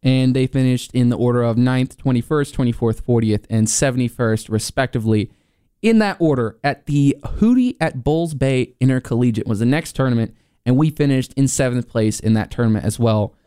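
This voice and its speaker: Smooth-voiced young man reading sports results. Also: medium pitch, moderate pace, warm tone, no room sound, studio quality. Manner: chatty, reads results with fillers. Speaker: sports show host. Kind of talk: casual sports results rundown.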